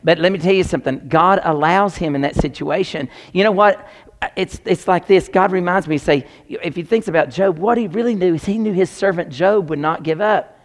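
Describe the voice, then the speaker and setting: A man preaching, his voice sitting a little high. He is animated and talks straight to the people in front of him, mixing warnings with jokes. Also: normal speed. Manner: animated, joking, talks to the congregation directly. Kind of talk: sermon.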